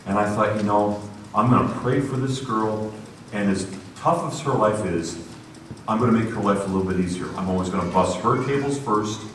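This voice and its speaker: A man preaching a storytelling sermon in a lively, conversational way, recorded in an echoey hall from far off. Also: on the low side, normal speed, a little hiss or hum.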